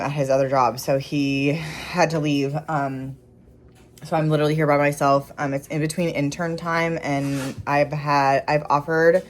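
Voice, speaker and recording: A woman's voice: low voice, a little hiss or hum. A young woman who runs an animal rescue, talking casually and emotionally in a vlog, with many fillers. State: pregnant. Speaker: wildlife rescue owner.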